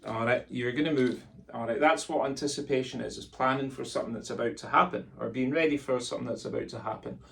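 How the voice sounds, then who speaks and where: A man's voice: medium pitch, fast, gravelly. A man teaching pipe band drumming, counting in and chanting sticking patterns in an encouraging, jokey way. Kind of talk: instructional lesson, counting in and calling rudiments. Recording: distant mic with loud drumming behind.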